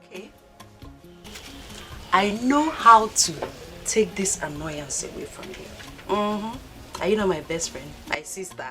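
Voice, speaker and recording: A woman's voice: mid-range voice, animated, measured pace, long pauses, pushed and bright. A woman playing a coaxing, caring best friend. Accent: Nigerian. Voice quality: coaxing and teasing. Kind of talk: film drama. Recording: film soundtrack with music.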